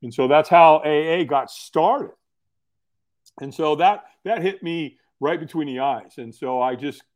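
A middle-aged man, telling his story casually as a podcast guest in an earnest, folksy way. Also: on the high side. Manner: earnest, folksy, repeats words when starting sentences.

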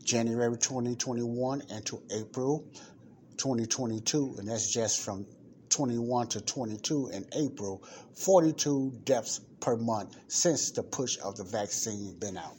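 A man's voice: medium pitch, unhurried, darkish tone, slight background noise. A man hosting a church podcast. He reads a report aloud and comments on it, repeating numbers for emphasis and asking listeners rhetorical questions. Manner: talks directly to listeners, asks rhetorical questions. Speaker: podcast host addressing a church audience.

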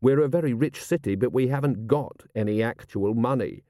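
A man's voice: medium pitch, moderate pace, mellow, no echo, studio quality, close to an everyday voice. A man reading an audiobook, voicing a blunt, weary male watch commander who speaks in an incredulous, sardonic way. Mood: muttering.

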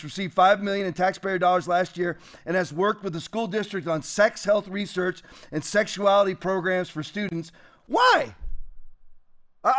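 A man, a pastor, delivering a combative sermon-style commentary and shouting at times. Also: high-pitched.

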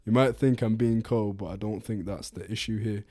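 A young man, a podcast co-host, reading a post aloud in a steady, plain voice. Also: lowish voice, normal speed, dry recording, studio quality.

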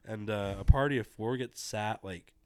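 Smooth-voiced young man telling a story. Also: fairly low pitch, normal speed, dark tone, no echo. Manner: rambling, profane, acts out quotes. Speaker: podcast co-host. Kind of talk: casual storytelling chat.

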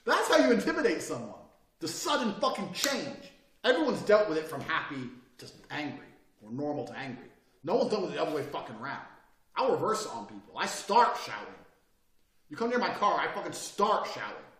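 A man giving a blunt, profane talk on body language, swinging from loud outbursts to quiet, calm speech. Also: a little high, a little hiss or hum. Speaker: self-improvement speaker. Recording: echoey room, distant mic.

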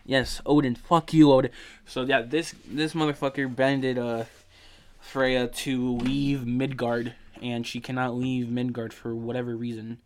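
A man's voice: medium pitch, little pitch movement, a little slow, slight background noise. A sleepy, yawning man hosting his podcast, casually recapping a video game's story in a rambling way, full of fillers and swearing. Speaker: podcast host.

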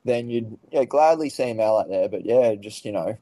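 Male guest, warm low-key tone, casual storyteller full of fillers. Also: expressive, moderate pace, no echo, low-quality recording. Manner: rambling, swears casually, many fillers and restarts. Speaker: podcast guest.

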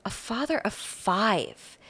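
A woman's voice: medium pitch, lively intonation, slow pace, a bit bright, breathy edge. A woman co-hosting a podcast, casually telling a true-crime story with lots of "like". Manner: laid-back storytelling, frequent "like". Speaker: podcast co-host telling the case.

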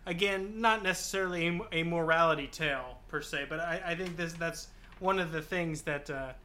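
A man's voice: fairly high pitch, normal speed, bright, forceful tone. A man co-hosting a casual book podcast, thoughtful and hesitant, often restarting his phrases. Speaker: podcast co-host.

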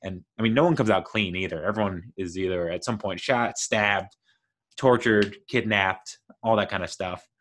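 Rambling low-voiced man reviewing a show. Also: moderate pace, a bit bright. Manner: rambling, many fillers and restarts, enthusiastic. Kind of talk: casual review chat.

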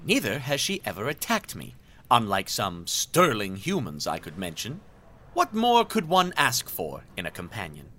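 A man's voice: mid-range voice, bright, forceful tone. An actor playing a pompous, self-serving male villain who talks in florid, mannered speech and laughs theatrically in an audio drama.

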